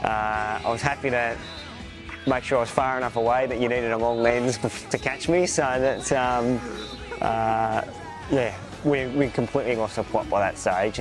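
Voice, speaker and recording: An Australian man who is a runner, casually recalling his run with lots of ums and you knows and poking fun at himself. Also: lowish voice. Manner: self-deprecating, filler-heavy with ums and you knows. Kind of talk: casual recollection to camera.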